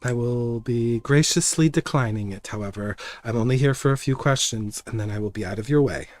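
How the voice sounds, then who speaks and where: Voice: medium pitch, a little fast, darkish tone, soft background music, close to an everyday voice. A game master voicing an impatient, cold woman of a sisterhood who wants to get on with her questions. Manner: clipped, cold, weary.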